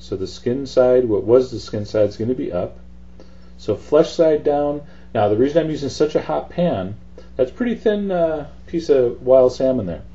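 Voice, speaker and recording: A man hosts a cooking demonstration, walking through each step in a chatty, easygoing manner with fillers. His voice is medium-pitched, and the recording has its high frequencies cut off.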